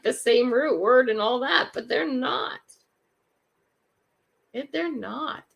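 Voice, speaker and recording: Gravelly older woman hosting a chatty livestream. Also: a little high, a bit bright. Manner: chatty, reflective, greets viewers by name. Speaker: livestream host. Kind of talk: casual live chat.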